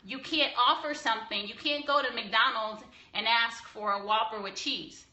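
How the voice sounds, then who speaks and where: On a casual live stream, a young woman who decorates cakes answers viewer questions bluntly and a bit preachily, laughing now and then and swearing mildly. Her pitch is fairly high, her tone sharp, her speed normal, and the room sounds echoey.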